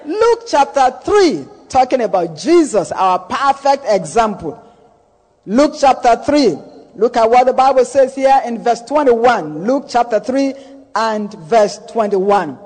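Male pastor, slow and emphatic sermon delivery with repeated phrases and declared blessings, live in an echoing church hall. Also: very high-pitched, sing-song, a little mellow, slight background noise.

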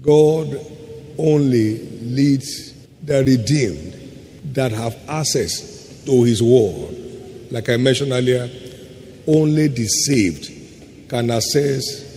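A man preaching to a congregation, pressing hard on slow, weighty words and then rushing through quick asides. His voice sits mid-range for a man and carries a long reverb, with a faint hum of ambience underneath. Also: medium pitch, animated, mellow. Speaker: pastor. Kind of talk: sermon.

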